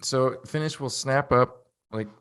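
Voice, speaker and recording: A man's voice: medium pitch, measured pace, a bit bright, clear, resonant tone, no room sound, clean studio sound. A man playing a tabletop game, animatedly describing his character's actions. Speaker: player.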